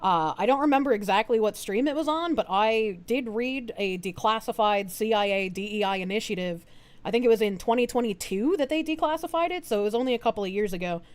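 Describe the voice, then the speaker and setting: A woman's voice: a little high, expressive, brisk, clean tone. A young woman streaming, talking politics in a casual, argumentative and emphatic way. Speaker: streamer host.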